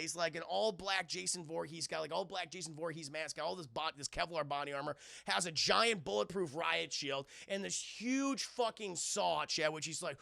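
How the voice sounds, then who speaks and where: A man with a high, heavily gravelly voice tells a story to his live chat in a fast, profane, animated way. His tone is sharp and forceful, and the sound is dry and close on a desk mic. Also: no echo. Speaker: streamer reviewing a film. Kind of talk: excited spoiler recap to live chat.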